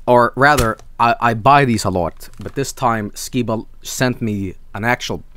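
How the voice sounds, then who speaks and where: A man's voice: medium pitch, measured pace, a bit bright, smooth, no echo. A man from Sweden, hosting a casual snack review stream, enthusiastic and rambling, swearing freely. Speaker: streamer host.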